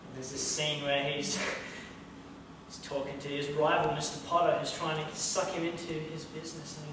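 A man's voice: on the high side, flat delivery, normal speed. A man chatting loosely between impressions on stage at a community hall, admitting he is unprepared. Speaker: impressionist performer. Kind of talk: live stand-up impressions show. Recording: echoey hall from far off, noisy.

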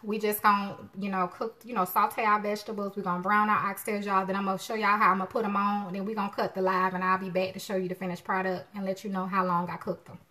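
A woman's voice: medium pitch, flat delivery, quick pace, few pauses, pushed and bright. Chatty woman cooking live. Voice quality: distinctive voice others call unusual. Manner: chatty, folksy, laughs often, greets viewers by name. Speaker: cooking show host.

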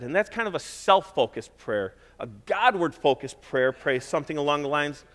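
A man's voice: fairly high pitch, very animated, moderate pace, few pauses, a bit bright, long reverb tail. A middle-aged man preaching a sermon in a conversational way, stressing points by repeating them. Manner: conversational preaching with emphatic repetition. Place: church.

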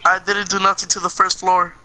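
A teenage boy gaming over voice chat, angry, yelling and swearing. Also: sits high, little pitch movement, a little fast. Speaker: gamer. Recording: very noisy voice chat mic.

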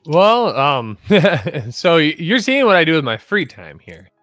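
A man's voice: fairly high pitch, very animated, unhurried, fairly bright tone, no room sound, clean studio sound. A man co-casting a game tournament in a friendly, upbeat way. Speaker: co-caster. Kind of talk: casual game commentary.

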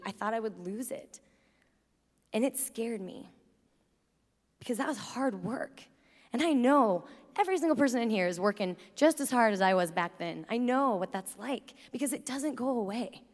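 A young woman speaking at a youth conference, telling stories in a chatty way with lots of "like" and "you know". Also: a little high. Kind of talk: energetic faith talk to a youth crowd. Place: large conference arena. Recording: long hall reverb from a large arena.

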